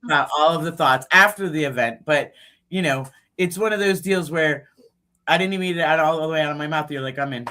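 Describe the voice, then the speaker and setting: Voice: medium pitch, a little fast. A co-host teasing a guest in a casual chat. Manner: teasing, lively.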